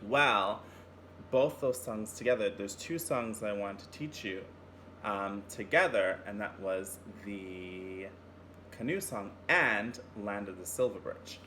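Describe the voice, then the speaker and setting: A man's voice: lowish voice, takes it slowly, sharp tone, slight background noise. A man teaching a children's music lesson, singing examples and cheering the class on. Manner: encouraging, singing examples and call-and-response.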